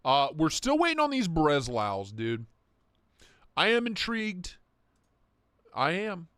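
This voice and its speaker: A man's voice: on the high side, huge pitch swings, slow, fairly bright tone, no room sound, clean studio sound. A man hosting a casual livestream, joking crudely, laughing a lot and reading out donations. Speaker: livestream host.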